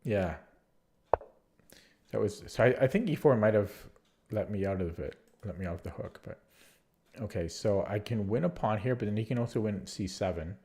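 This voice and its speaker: A man's voice: fairly low pitch, expressive, normal speed, mellow, a little hiss or hum. A man with a nasal, allergy-stuffed voice thinking aloud as he plays online chess, muttering his moves to himself. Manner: muttering move calls to himself, hesitant. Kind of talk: thinking-aloud game commentary.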